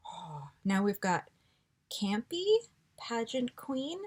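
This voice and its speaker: A woman vlogger chatting casually through a beauty box unboxing, gushing and excitable with frequent gasps. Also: medium pitch, slow, husky. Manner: gushing and excitable, gasping often.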